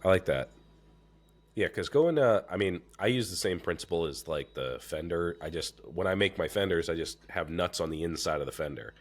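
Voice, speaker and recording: A man hosting a podcast in casual chat, congested and stuffed up, talking in a relaxed way with lots of fillers and swearing. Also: low voice, moderate pace. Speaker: podcast host.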